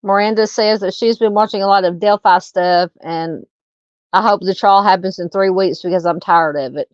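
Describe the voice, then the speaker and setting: A woman's voice: mid-range voice, moderate pace, dry recording, dull audio. A middle-aged Southern woman hosting a live true crime stream, chatting casually, greeting viewers and reading comments in a rambling way with many fillers and restarts. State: hiccups.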